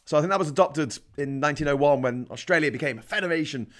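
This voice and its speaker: A man's voice: fairly high pitch, fast talker. A man with a Liverpool accent hosting a casual livestream, rambling, joking and reading out chat comments. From Liverpool, England. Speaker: livestream host.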